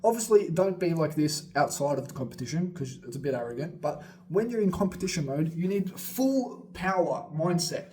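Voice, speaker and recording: A man's voice: on the high side, normal speed, few pauses. A man coaching beatboxers in a casual, rambling way, full of swearing and laughing asides, sometimes moving around as he talks. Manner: energetic, swearing, laughing asides, jumping around while talking.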